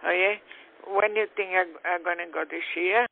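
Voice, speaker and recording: A woman calling in by phone, asking a question in halting broken English. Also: fairly low pitch, steady tone, vocal fry. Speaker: caller. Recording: tinny phone line.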